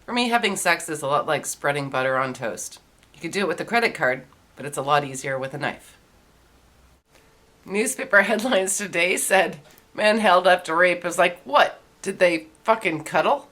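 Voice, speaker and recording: A woman host telling rapid-fire dark one-liner jokes in a deadpan delivery. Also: lowish voice.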